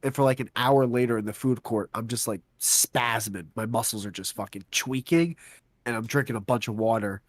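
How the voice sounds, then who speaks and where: A young man spins a long story for his podcast co-host, bouncing into high-pitched put-on quotes and dropping back to a low mutter. His voice sits at an ordinary middle pitch, recorded close and dry with no room sound. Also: normal speed, no echo. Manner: animated storyteller acting out quotes, swearing. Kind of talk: casual storytelling chat.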